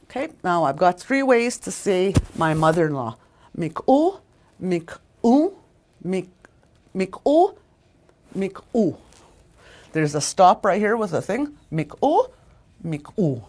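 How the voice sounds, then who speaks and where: A woman's voice: lowish voice, big pitch swings, slow pace, pauses often, darkish tone. A woman teaching a language lesson, repeating each word several times and correcting herself as she goes.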